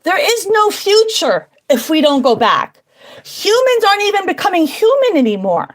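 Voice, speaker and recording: A woman's voice: very high voice, sing-song, moderate pace. A woman hosting a livestream from home, talking in an emphatic, repetitive, preaching way. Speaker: livestream host. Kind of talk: casual livestream monologue. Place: at home indoors.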